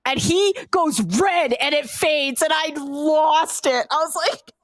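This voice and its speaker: A woman's voice: high voice, slow, no echo. A woman co-hosting a casual game review chat, animatedly retelling scenes and acting out characters' lines, swearing now and then. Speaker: podcast co-host.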